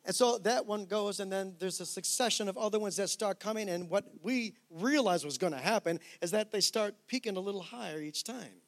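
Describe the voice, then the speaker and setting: High-voiced man preaching a story. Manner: storytelling, animated with quick restarts. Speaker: pastor. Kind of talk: sermon.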